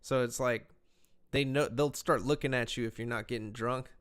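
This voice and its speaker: A man's voice: mid-range voice, steady tone, normal speed, fairly bright tone. A man chatting casually on a podcast, telling laid-back stories and swearing freely. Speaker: podcast host. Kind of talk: casual chat.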